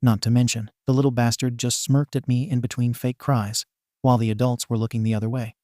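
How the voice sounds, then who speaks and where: Mellow-voiced man reading a story. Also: mid-range voice, flat delivery, a little fast, no room sound, studio quality. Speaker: narrator. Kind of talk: reading fan fiction aloud.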